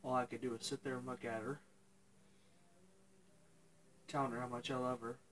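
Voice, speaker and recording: A young man telling a painful personal story to his viewers, halting and tearful, pausing and restarting as he cries. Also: medium pitch, level tone, fairly bright tone, slight background noise, rough recording. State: crying. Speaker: vlogger. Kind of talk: emotional personal story to camera.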